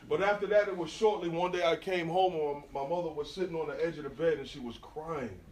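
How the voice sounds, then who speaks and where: A middle-aged man tells his stories in a lively, slangy style and talks straight to the crowd. His voice sits a little high for a man. He was caught on a smartphone from out in the audience, so it sounds distant and echoey in the room. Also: a little fast. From New York. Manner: animated storyteller, slangy, addresses the crowd directly. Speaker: graffiti artist giving a live talk. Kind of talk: storytelling talk to a live audience. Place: event venue, indoors. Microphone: smartphone recording from the audience. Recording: roomy smartphone recording from far off.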